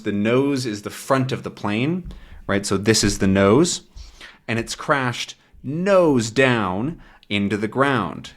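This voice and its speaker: A man teaching English from a comic, patiently explaining words and often checking in with "right?". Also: mid-range voice. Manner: acts out sounds and voices.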